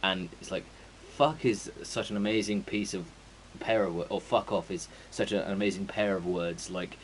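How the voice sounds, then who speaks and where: A man's voice: low voice, normal speed, slight background noise, rough recording. A man, streaming a game and chatting casually in a rambling, sweary way full of fillers. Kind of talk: casual chat before a stream.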